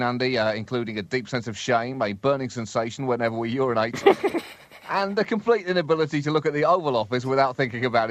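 A man co-hosting a satirical comedy podcast, delivering wry, deadpan asides with bursts of emphasis. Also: a little high.

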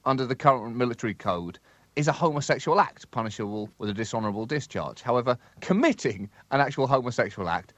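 A man co-hosting a satirical comedy podcast, delivering wry, deadpan asides with bursts of emphasis. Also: medium pitch, quick pace, no room sound.

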